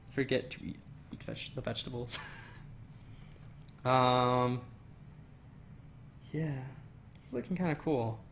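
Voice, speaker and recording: A man's voice: mid-range voice, creaky, fairly bright tone, slight background noise. Young man rambling through a livestream. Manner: rambling, reads chat aloud, frequent ums. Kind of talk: casual livestream chat.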